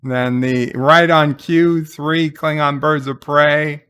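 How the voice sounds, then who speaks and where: A man casually recapping a TV episode as a reviewer, halting with restarts and fillers and getting excited as he retells the action. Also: a little high, smooth.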